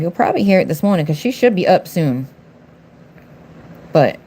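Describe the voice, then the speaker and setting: This middle-aged woman paints nails on a livestream and talks back to her chat with blunt, sassy, casual remarks. She has a low-pitched, warm voice, and a bit of background noise can be heard.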